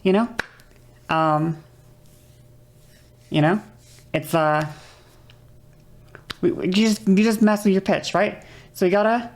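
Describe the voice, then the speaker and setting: A woman's voice: steady tone, slow pace, pauses often, a little mellow. A woman streamer explaining vocal control in casual, rambling talk, swearing freely and checking in with "okay" often. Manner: demonstrates voice changes with whispery and high vocal sounds.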